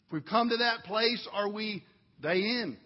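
A man's voice: high-pitched, measured pace, long reverb tail, highs cut off. A man preaching a sermon as pastor in a church, earnest and building to fervent emphasis. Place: church sanctuary.

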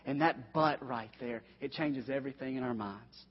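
Husky and medium-pitched, the pastor's voice moves at a moderate pace with few pauses. He addresses his congregation earnestly and directly during the sermon, recorded dully in the sanctuary's long-reverb hall, which makes it sound echoey.

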